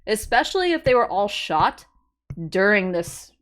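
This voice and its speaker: A young adult woman streaming live, reacting excitedly and swearing casually as she talks to her chat. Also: medium pitch, measured pace.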